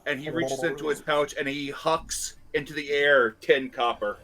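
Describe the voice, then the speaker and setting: A man playing in a tabletop role-playing game, calmly tallying his attacks and damage. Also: a little high, normal speed, crowd noise. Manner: steady, tallies numbers out loud. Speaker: player. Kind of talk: casual tabletop game play.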